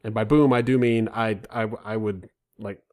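A thirtysomething man co-hosting a comedy podcast speaks at a moderate pace in a fairly low, clean-toned voice. His banter is full of self-mocking tales, told animatedly with silly impressions.

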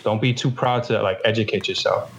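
A man's voice: fairly low pitch, fairly even intonation, brisk, gravelly, a little hiss or hum, rough recording. A man giving earnest advice on fatherhood and faith in casual talk, often repeating words as he searches for them.

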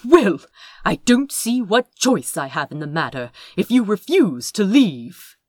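A woman voicing a brash young male hero who shouts his lines with eager bravado. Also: very animated, unhurried, no room sound, studio quality. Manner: loud, shouty, higher-pitched bravado.

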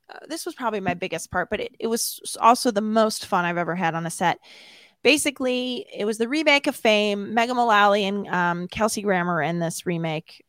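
A woman in a casual interview spins an anecdote at her own expense. She talks in an animated way and laughs often, and her voice sits at an ordinary middle pitch. The sound is dry and close, with no room echo. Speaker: interview guest.

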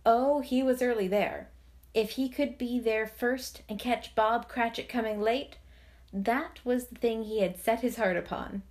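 A woman's voice: on the high side, fairly even intonation, a little slow. Woman narrating a classic story. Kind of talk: audiobook narration.

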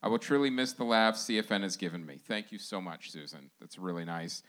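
A man hosting a podcast live, reading sponsor shout-outs in a loose, laughing, informal way. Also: sits low, expressive, a little fast. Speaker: podcast host. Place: live show venue.

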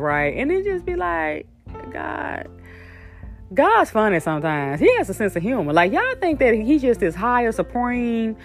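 A woman hosting her own faith podcast, talking loosely and lively. Her pitch moves a lot as she tells her story, and faint music plays under her. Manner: animated, lively storytelling with laughs and slang. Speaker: podcast host. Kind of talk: casual faith podcast monologue.

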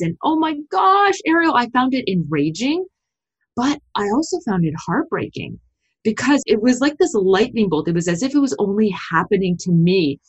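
A middle-aged woman, a sociology professor, telling a story in a podcast interview, with big jumps in pitch when she quotes herself. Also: slightly rough. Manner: animated storytelling, pitch leaps when quoting.

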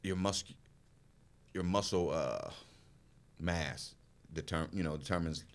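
A middle-aged man hosting a podcast in casual chat, telling stories with loud animated bursts that drop to low mumbles. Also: slow pace. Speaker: podcast host.

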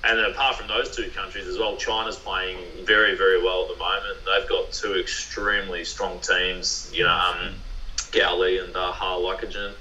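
A man's voice: low-pitched, flat delivery, normal speed, bright, forceful tone, highs cut off, a little hiss or hum. A man with an Australian accent, a volleyball player chatting in an interview, rambling with many fillers and restarts. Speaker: professional beach volleyball player. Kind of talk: podcast interview. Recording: roomy, distant mic.

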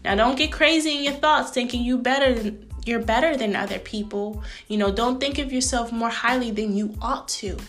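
A woman in her thirties talks through a faith-based podcast in a voice pitched a little high. She has soft music playing under her. She is lively and preachy and keeps calling the listener sis. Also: normal speed. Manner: animated, frequent laughs, acts out greetings. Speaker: podcast host.

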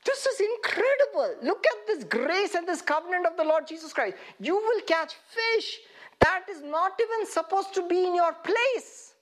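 A man preaching a sermon with a high voice that swings widely in pitch. He keeps his listeners engaged with rhetorical questions and lively, laughing delivery. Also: moderate pace. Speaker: pastor.

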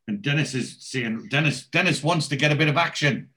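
A man's voice: medium pitch, normal speed, pushed and bright. A man in casual chat, rambling through a TV episode and quoting the characters in his own voice.

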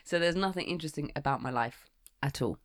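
A woman's voice: sits low, fast talker, no room sound, studio quality. A woman, co-hosting a podcast at home in casual chat, easily distracted and laughing often. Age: 20s. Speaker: podcast co-host. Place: home room by a garden window.

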